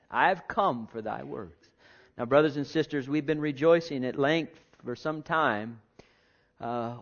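Impassioned male preacher, muffled recording. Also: medium pitch. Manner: dramatic, swings from loud to near-whisper. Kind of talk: sermon. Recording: dull lo-fi sound.

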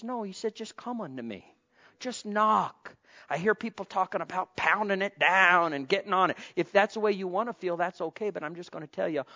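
A man preaching a sermon, calling out to the congregation and swinging between soft pleading and loud, impassioned exclamation. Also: high-pitched. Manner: calls out to the congregation. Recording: dull lo-fi sound.

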